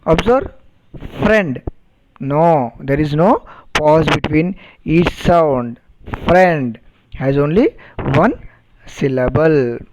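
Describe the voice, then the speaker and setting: A man teaching a phonetics lesson, repeating words and spelling them out deliberately, and checking understanding with questions. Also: fairly high pitch, expressive, background noise. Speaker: English teacher. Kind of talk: recorded phonetics lecture.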